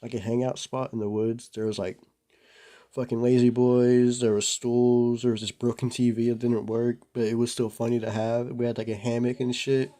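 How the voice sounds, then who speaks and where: A man's voice: medium pitch, flat delivery, normal speed, dark tone. Laid-back young man telling a story. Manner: rambling, laid-back, lots of "bro" and "like". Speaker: vlogger. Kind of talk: casual storytelling.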